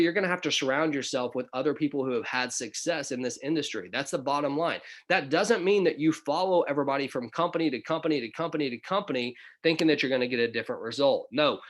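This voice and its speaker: A man's voice: medium pitch, fairly bright tone. A middle-aged man with a Southern accent, leading his business group on a motivational call and checking in with "okay?" and "right?". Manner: coaxing, repeats "okay?" and "right?".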